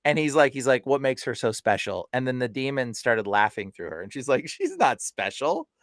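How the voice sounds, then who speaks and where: Animated male guest telling stories. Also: medium pitch, a little fast, dry recording, studio quality. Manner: animated, retells stories with quoted voices and laughs. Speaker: podcast guest, deliverance minister. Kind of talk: casual storytelling.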